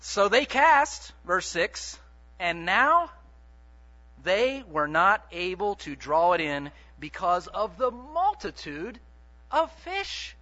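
Male preacher, sermon, high voice, lively swooping delivery, playful questions to the congregation. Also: slow, highs cut off. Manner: animated, joking, quizzes the congregation.

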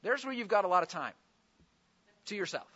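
A man's voice: sits high, sing-song, a little fast, bright, forceful tone, dull audio. A man preaching a sermon, explaining scripture with earnest, pleading emphasis.

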